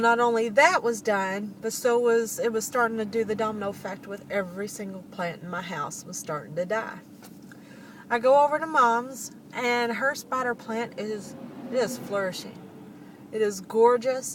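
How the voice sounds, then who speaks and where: A middle-aged woman telling a personal story straight to her listeners, animated and laughing often. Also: fairly high pitch, normal speed, distant mic, a little hiss or hum. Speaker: vlogger.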